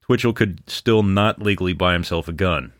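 A man's voice: deep voice, moderate pace, a bit bright, dry recording, studio quality. A man hosting a true-crime podcast, narrating the case and breaking off into sarcastic, profane asides. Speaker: podcast host. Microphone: microphone on a stand.

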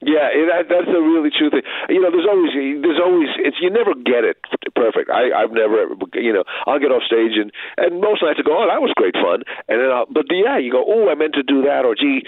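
A man in his sixties, a comedian guest, talking in a relaxed, self-deprecating way with small chuckles. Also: on the high side, brisk, no room sound. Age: 60s. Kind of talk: casual interview chat. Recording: tinny phone-like line, dry.

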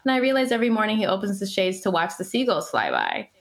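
Animated, laughing woman telling stories. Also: medium pitch, fast talker. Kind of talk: casual chat.

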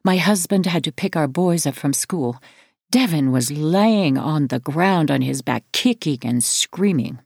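Exasperated foster mom huffing, read by a woman, low gravelly voice. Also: animated, unhurried, a little mellow, dry recording, studio quality, exaggerated voice.

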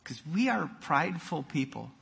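A man preaching a sermon, telling jokes and stories with animated emphasis and frequent repeated words. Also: a little high, moderate pace, creaky, breathy edge. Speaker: pastor.

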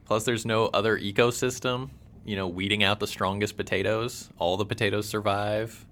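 A man's voice: fairly low pitch, steady tone, moderate pace, fairly bright tone. A man co-hosting a podcast in casual chat, musing and jokey. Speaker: podcast co-host.

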